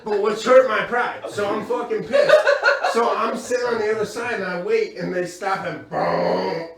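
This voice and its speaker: A man doing crude stand-up storytelling, profane and animated, laughing as he goes. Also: high-pitched, normal speed, gravelly. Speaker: stand-up comedian. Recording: echoey room from far off with crowd.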